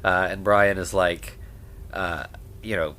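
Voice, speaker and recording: A man co-hosting a podcast, casually recapping a film and acting out the characters' lines in a lively way. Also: sits low, slow pace. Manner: animated, acts out characters' lines while retelling. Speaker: podcast co-host. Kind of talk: casual movie recap chat.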